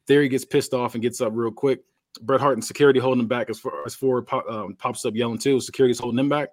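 A man recaps a wrestling storyline in loose, quick speech with the odd filler. The recording is dry and close, without any room sound. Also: medium pitch, steady tone, a little mellow, no room sound. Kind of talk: casual narration of a wrestling storyline.

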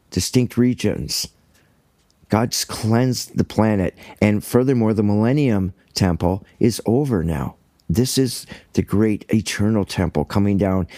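A man gives a casual Bible teaching, reading scripture aloud and then explaining it with earnest enthusiasm. His voice sits low and mellow. The recording is dry and close, with no room sound. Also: no echo. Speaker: preacher.

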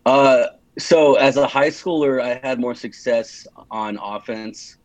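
A man's voice: medium pitch, slow pace, dry recording. A young man from California in his twenties, chatting as an interview guest, rambling with many restarts and fillers. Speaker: podcast guest. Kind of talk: casual interview chat. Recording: dull lo-fi sound.

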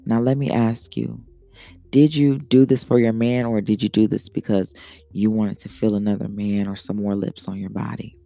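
A woman's voice: rumbling low, little pitch movement, normal speed, gravelly, dark tone, faint music behind. A man voicing a frank, motherly woman swinger with a New Orleans accent who calls everyone baby. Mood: counseling. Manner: calls people baby, blunt advice. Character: sassy older woman swinger, soothing and frank.

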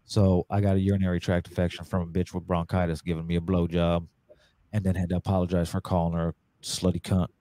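A man's voice: deep voice, level tone, fast talker, dark tone, dry recording. A man casually telling a long crude story, full of swearing and voiced quotes.

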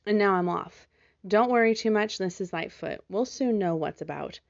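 Storybook sparrow, male, folksy and humble, gravelly edge, muffled audio, read by a woman. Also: medium pitch, expressive, moderate pace. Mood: reassuring. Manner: folksy country speech. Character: humble male sparrow messenger, polite and plain-spoken.

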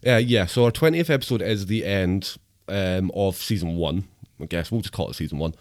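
A man's voice: sits low, fairly quick, dry recording, studio quality. Jokey man in his thirties. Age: 30s. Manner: laughs often, jokey and self-mocking. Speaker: podcast co-host. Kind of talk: casual chat.

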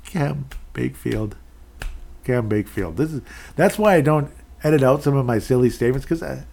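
A man hosting a solo sports podcast, rambling through game recaps, correcting himself and laughing at his own slips, his voice rising high and loud when he rants. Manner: gets loud and high-pitched when ranting. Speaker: podcast host.

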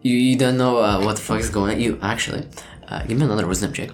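A man's voice: lowish voice, fast talker. A man narrating as game master, rambling with many hesitations, swearing freely and laughing often.

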